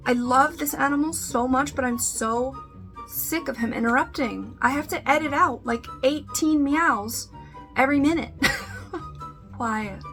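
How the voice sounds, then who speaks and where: Casting note: woman beauty vlogger, higher voice, casual rambling chat, faint music underneath. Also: a little slow, fairly bright tone. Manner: chatty, self-deprecating, trails off with fillers. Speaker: beauty YouTuber. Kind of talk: casual makeup vlog with bloopers.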